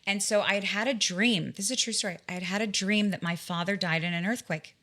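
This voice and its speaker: A woman in her forties, a guest in an interview, telling personal stories in an animated way, often restarting her sentences. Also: medium pitch, quick pace, a loud crowd. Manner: animated, vivid storytelling with frequent restarts. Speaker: guest, tarot reader and spiritual guide. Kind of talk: conversational storytelling in an interview.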